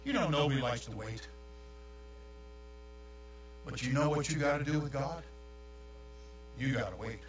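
An older man, preaching a sermon with folksy, animated storytelling. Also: a little high, distant mic. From New York. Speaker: pastor. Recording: echoey room, dull sound, mains hum.

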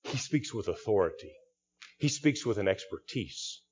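A man's voice: fairly low pitch, expressive, moderate pace, a little mellow, husky, highs cut off. A male pastor giving an expository sermon, teaching through a text with frequent restarts and repeated words.

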